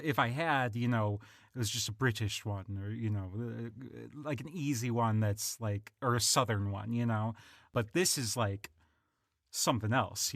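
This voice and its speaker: A man's voice: medium pitch, a bit bright, dry recording. Hesitant man chatting on a podcast, dry sound. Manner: hesitant, many ums and uhs. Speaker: podcast host. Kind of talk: casual podcast chat.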